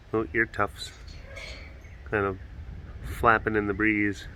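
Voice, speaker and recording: A man's voice: level tone, slow, long pauses, sharp tone, a little hiss or hum. A man hosting an outdoor webcast from a big cat compound, chatting and laughing as he walks around and coos at the animals. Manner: talks to the cats in a high doting baby voice; laughs often, playful asides voicing the animals. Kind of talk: casual chat to camera while walking around animal enclosures.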